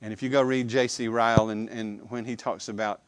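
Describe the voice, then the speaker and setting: A man's voice: on the low side, a little fast, dry recording. Emphatic preacher man. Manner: animated, emphatic preaching with repeated phrases. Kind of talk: sermon.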